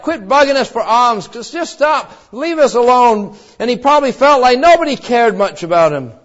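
A man preaching a sermon, retelling a Bible story in an earnest way and swelling with fervor as he appeals to the listener. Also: high voice. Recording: dull lo-fi recording.

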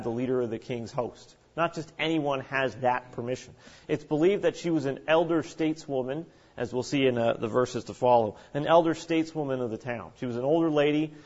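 A man preaching a sermon in an animated way, acting out the voices of the people he quotes. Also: mid-range voice. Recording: dull lo-fi recording.

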